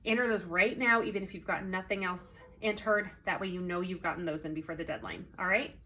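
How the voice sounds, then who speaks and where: A woman's voice: lowish voice, fairly even intonation, brisk, bright, forceful tone, a little hiss or hum. Chatty woman, a little out of breath. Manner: chatty, friendly, many ums. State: slightly out of breath, congested. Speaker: consignment sale organizer. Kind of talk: casual announcement to sellers.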